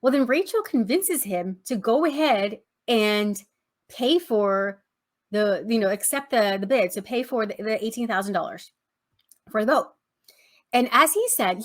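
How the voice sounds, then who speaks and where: A woman's voice: fairly high pitch, lively intonation, unhurried. A woman business coach teaching casually, retelling a story in a rambling, chatty way.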